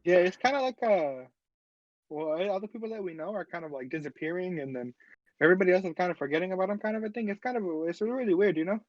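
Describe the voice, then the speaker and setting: A man with a high voice rambles quickly in character during a tabletop game, full of fillers. The sound is dry, close and dull, like a lo-fi mic. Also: no echo. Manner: rambling, filler-heavy, casual. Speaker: player.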